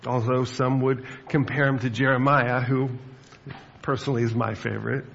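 A man's voice: medium pitch, level tone, normal speed, gravelly, fairly bright tone, dull audio, a little hiss or hum. A man preaching a sermon as pastor, in a conversational way with fillers and friendly asides.

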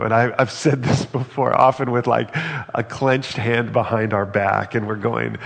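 Earnest male pastor with a gravelly voice. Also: mid-range voice, steady tone, moderate pace, in a large hall. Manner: earnest, reflective, reads scripture aloud. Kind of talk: sermon.

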